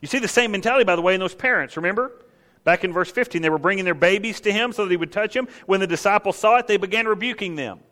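A man preaching a sermon in an animated way, asking the congregation rhetorical questions and acting out the scene. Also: high voice, rapid-fire, big-room sound. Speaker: pastor.

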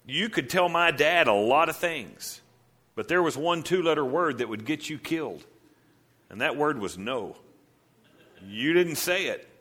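A male pastor preaching a sermon with an animated style, asking rhetorical questions and acting out the voices in the stories he tells. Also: on the high side, measured pace, slightly rough.

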